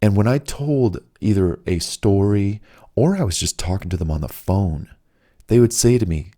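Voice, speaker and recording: A man giving relaxed, unhurried advice, drawing out his words with long pauses, reading his own audiobook. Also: fairly low pitch. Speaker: audiobook author and narrator. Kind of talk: relaxed advice talk, slow and soothing.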